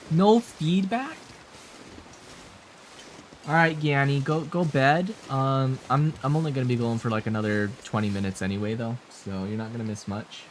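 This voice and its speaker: A man's voice: mid-range voice, slight background noise. A man streaming a survival game live, chatting and teasing his viewers in a playful way. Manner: chatty, teasing viewers, playing with whispers and silly voices. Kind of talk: live gameplay commentary.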